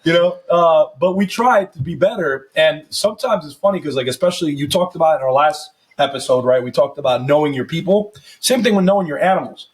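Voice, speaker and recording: A man's voice: on the high side, fairly quick, hardly any pauses. A man in his thirties hosting a casual podcast as a first responder, telling profane, rambling stories and slipping into mock voices. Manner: profane, loose storytelling that slips into mock voices.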